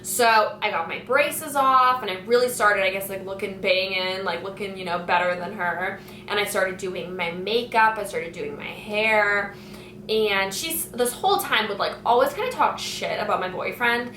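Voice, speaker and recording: A woman's voice: mid-range voice, moderate pace, pushed and bright, slight background noise. Young woman, casual storytime, filler-heavy chat, roomy echo, distant mic, faint ambience. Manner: chatty, lots of filler "like". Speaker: vlogger. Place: home, kitchen nearby. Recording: echoey room, mic at a distance.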